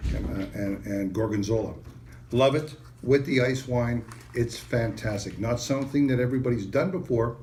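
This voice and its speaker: A man presenting a wine and cheese tasting, enthusiastic and casual in a sales-pitch manner. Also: a little mellow, slight background noise. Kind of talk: product tasting demonstration.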